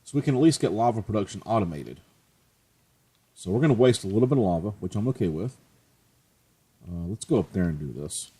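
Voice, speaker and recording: Husky low-voiced man narrating gameplay. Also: lively intonation, fairly quick, pauses often, dark tone. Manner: chatty, joking, self-mocking. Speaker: let's play host. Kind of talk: casual gameplay commentary.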